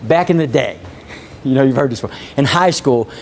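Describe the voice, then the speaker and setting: This man's voice sits at a medium pitch with some vocal fry, moving at a normal speed over slight background noise. Leading a live sales session, he drills his team through repetition and keeps asking the audience questions, all with high energy.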